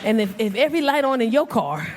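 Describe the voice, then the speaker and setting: A woman in her forties works a club crowd with brash, profane stories, loud and playful. Her voice sits high. A faint audience murmurs behind her on the live recording. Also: big pitch swings, fast. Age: 40s. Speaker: stand-up comedian. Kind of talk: stand-up comedy set. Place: comedy club stage. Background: audience laughter.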